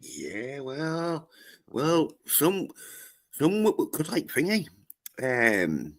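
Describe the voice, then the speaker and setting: A man co-hosting a casual podcast, talking haltingly and swearing constantly. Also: fairly high pitch, huge pitch swings. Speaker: podcast co-host. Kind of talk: casual crude banter.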